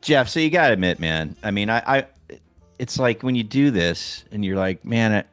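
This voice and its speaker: Man, call-in show host, low voice, lively swings, acts out quotes, dry close sound. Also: moderate pace, no echo, soft background music. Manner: animated, acts out quoted voices, jumps in pitch. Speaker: podcast host. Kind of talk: casual call-in show chat.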